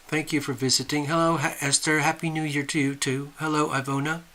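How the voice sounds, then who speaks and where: An American man hosts a casual live stream from home, greeting viewers by name, reading their comments, and rambling in a friendly, chatty way while he sets up. His voice is a little high with little pitch movement, his speed normal, and his tone sharp.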